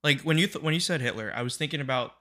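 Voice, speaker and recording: A man's voice: fairly high pitch, racing, sharp tone. A man co-hosting a comedy podcast, chatting casually and rambling through stories with many restarts. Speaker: podcast co-host. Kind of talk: casual chat.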